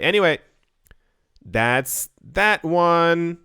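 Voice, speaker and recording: A man's voice: medium pitch, slow pace, pushed and bright, smooth, no room sound, clean studio sound. A man hosting an investing channel, reading news and riffing on it in a rambling, joking way, often stumbling and repeating words. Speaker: crypto investing YouTuber. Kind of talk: casual monologue reading and commenting on news.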